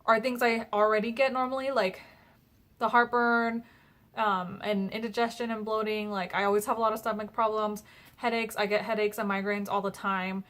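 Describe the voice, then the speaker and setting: A woman's voice: medium pitch, little pitch movement, moderate pace, a bit bright. A young woman chatting casually in a personal vlog, retelling conversations with lots of fillers. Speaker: vlogger.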